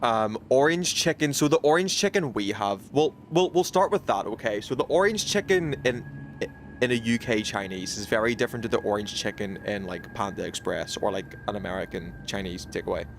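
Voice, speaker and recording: A British man from the United Kingdom streams a game and chats casually with viewers, rambling, reacting to chat and filling his talk with fillers and restarts. His voice is on the low side, expressive and fairly quick, with slight background noise.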